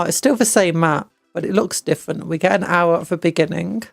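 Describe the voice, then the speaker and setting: A woman's voice: on the low side, brisk, vocal fry, no echo, soft background music. A British woman streaming a game, reading upgrades aloud and making jokey asides. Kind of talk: casual gameplay chat.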